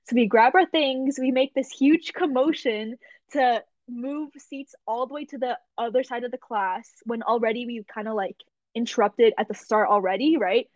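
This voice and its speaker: A young woman hosting a podcast, telling a story in a casual, animated way with frequent laughs and filler words. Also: fairly high pitch, normal speed, dry recording. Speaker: podcast host. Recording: dull lo-fi dry recording.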